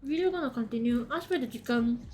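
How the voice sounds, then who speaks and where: A woman's voice: on the high side, fast, dark tone. A woman chatting casually as a streamer, giggly and chatty with loose grammar. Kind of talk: casual reaction chat.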